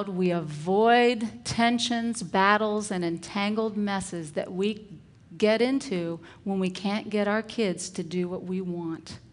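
A middle-aged woman, a teacher, giving a parenting talk and acting out calm, firm example phrases. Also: medium pitch.

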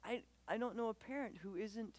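A woman giving a conversational church talk on parenting, animated and quick to act out voices, often asking the audience questions. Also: fairly high pitch. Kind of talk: conversational sermon.

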